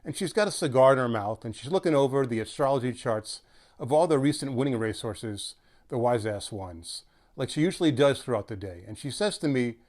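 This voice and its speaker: A man's voice: mid-range voice, big pitch swings, brisk, a little mellow. A man talking as a guest astrologer in a sardonic, wisecracking comic monologue.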